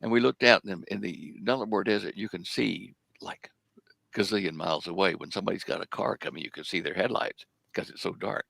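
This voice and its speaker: An older American man, a guest in an interview, tells long, rambling anecdotes full of hesitations in casual storytelling. His low voice is brisk, gravelly and a bit bright, with no room sound.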